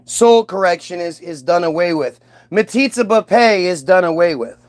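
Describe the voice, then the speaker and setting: A man's voice: high voice, expressive, normal speed. A man hosting his own channel in a heated, profane commentary rant, firing off rhetorical questions. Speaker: commentary host. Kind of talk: ranting commentary.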